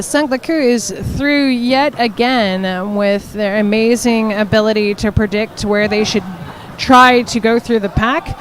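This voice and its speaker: A woman calling a sports game play by play, brisk and wry between plays. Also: fairly high pitch, fairly even intonation, a little hiss or hum. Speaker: commentator.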